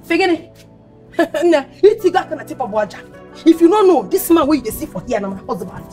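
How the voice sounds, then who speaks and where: A woman's voice: high voice, sing-song, fairly quick, darkish tone, faint music behind. A young woman with a Nigerian accent, teasing and complaining in film dialogue. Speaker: pregnant girlfriend.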